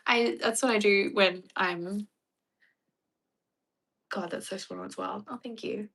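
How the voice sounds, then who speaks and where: Bright, playful woman chatting. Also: medium pitch, huge pitch swings, drawn-out words, gravelly, pauses often, slightly rough. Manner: chatty, playful, laughs often. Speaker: streamer chatting with viewers. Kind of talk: casual chat.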